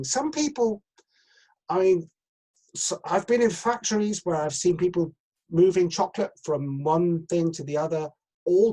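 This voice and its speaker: A man's voice: high voice, warm tone, poor audio. A middle-aged man, an acting coach talking on a video call, rambling with many fillers and restarts. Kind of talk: live video chat coaching session.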